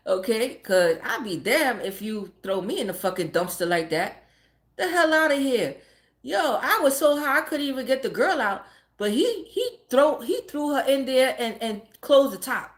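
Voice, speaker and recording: A high-pitched woman spins a story for her live chat, her voice leaping up and down. She swears freely and keeps dissolving into laughter as she talks. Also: moderate pace, reverberant. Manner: profane and animated, often breaking into laughter. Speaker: livestreamer telling a story.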